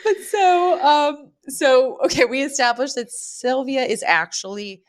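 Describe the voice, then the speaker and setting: A woman's voice: sits high, unhurried. A woman co-hosting a podcast, chatting casually and recapping a sitcom episode, laughing often and acting out the characters' lines. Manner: animated, laughs often, acts out quoted lines. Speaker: podcast co-host.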